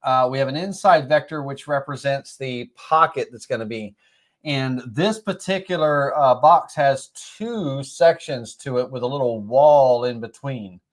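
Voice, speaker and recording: A man's voice: medium pitch, measured pace. A middle-aged man with a slight cold hosting a live woodworking tutorial stream, rambling with many fillers and self-corrections. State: has a cold, occasional coughs.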